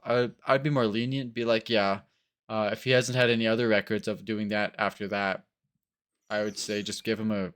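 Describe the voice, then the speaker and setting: A man's voice: mid-range voice, smooth. Chill guy rambling on about a news clip, does little voices. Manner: rambling, animated, acts out voices. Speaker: co-host. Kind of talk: casual reaction chat.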